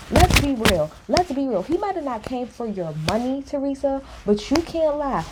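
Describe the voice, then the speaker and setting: A woman's voice: high-pitched, mellow, slight background noise. Blunt, opinionated woman ranting. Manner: blunt, opinionated, swears freely, mimics cast members. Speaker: reality TV recap vlogger. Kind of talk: casual recap commentary.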